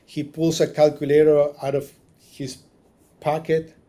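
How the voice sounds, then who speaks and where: Speaking a little slowly with a warm but flat delivery and a slightly high voice, a man who owns a marina business recounts his story in a casual podcast interview. He acts out what people said, restarts his sentences often, and becomes emotional as he goes.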